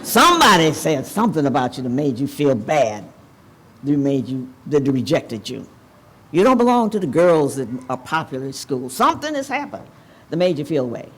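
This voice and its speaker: Lively older woman telling her story. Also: deep voice, moderate pace, husky. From Evanston, Illinois. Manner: candid, animated storyteller, talks straight to the audience. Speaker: commencement speaker. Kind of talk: personal storytelling speech. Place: banquet hall ceremony.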